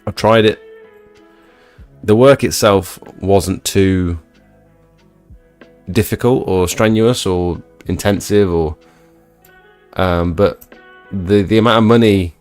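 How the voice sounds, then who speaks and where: A young man hosting a live stream, reading chat and chatting in a laid-back, low-energy way. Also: slow pace, pauses often, a little mellow, faint music behind. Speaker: livestream host reading chat.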